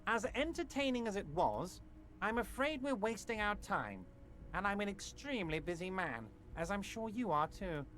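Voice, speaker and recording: A man's voice: high voice, big pitch swings, normal speed, fairly bright tone, slight background noise. An actor playing a large, scheming male union boss in a video game who talks in an oily, falsely reassuring way. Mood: dismissive. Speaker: game character.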